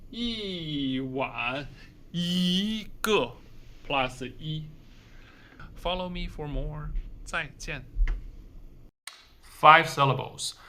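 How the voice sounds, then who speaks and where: Male teacher, slow, bright, slightly high delivery, drawn-out example words. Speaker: Mandarin teacher. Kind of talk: short video language lesson.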